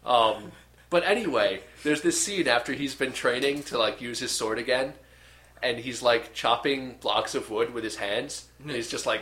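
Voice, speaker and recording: A man's voice: mid-range voice, normal speed, a bit bright. A young man in casual chat, retelling a movie with lots of fillers and acted-out bits. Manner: rambling, filler-heavy, acts out scenes. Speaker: podcast co-host. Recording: echoey room.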